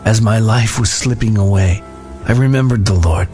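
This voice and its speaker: A man giving a devotional talk and reading scripture aloud in a measured, solemn way. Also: on the low side, a little mellow, soft background music.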